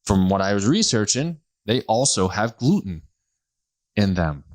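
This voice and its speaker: Low-voiced male podcast host, lively and jokey, solo monologue. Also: measured pace. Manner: animated and joking, laughs often, acts out quoted people. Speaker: podcast host, health practitioner.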